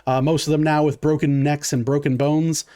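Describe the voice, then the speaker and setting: A man's voice: on the high side, moderate pace. Laid-back man running a tabletop game. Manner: relaxed, many "uh" fillers, counts out dice. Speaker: game master.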